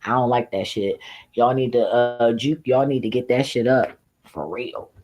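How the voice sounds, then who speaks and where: A woman streaming a casual, profane rant, animated and laughing often as she talks. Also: rumbling low, moderate pace, rough recording. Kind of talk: casual ranting monologue.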